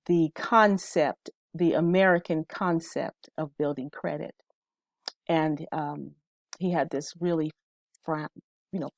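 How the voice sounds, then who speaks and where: Low-voiced woman teaching casually. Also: darkish tone, no room sound. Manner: conversational, checks in with "okay?". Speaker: instructor.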